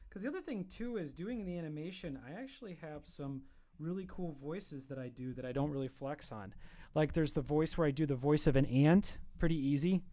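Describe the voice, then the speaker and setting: A man's voice: fairly high pitch, a little fast, mellow, dry recording. A man casually chatting and joking on his live stream while he draws, sometimes reading news headlines aloud. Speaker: streamer and cartoon creator.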